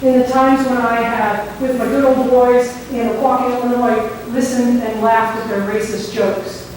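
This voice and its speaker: A woman pastor preaching a sermon, telling a story in a conversational, animated way. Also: on the high side, normal speed, a little hiss or hum. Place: church sanctuary. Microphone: microphone that cut out. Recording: echoey hall, voice from far off.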